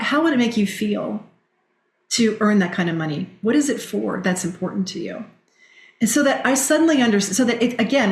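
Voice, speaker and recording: A middle-aged woman, a direct-selling leader, telling stories and coaching advice in a podcast interview, often acting out quoted speech. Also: medium pitch. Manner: animated storyteller, quotes others. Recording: roomy echo.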